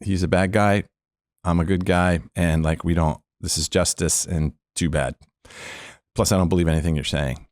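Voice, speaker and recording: In clean studio sound with a dry recording, a middle-aged ex-cop recounts his faith story as a podcast guest. His low-pitched voice keeps a moderate pace as he animatedly performs the voices of the people he quotes.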